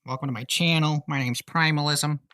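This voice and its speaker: A man doing a pompous mock professor who opens a show in slow, formal tones. The delivery is put on and a little distant from the mic. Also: on the high side, fairly even intonation, sharp tone, no echo, clean studio sound.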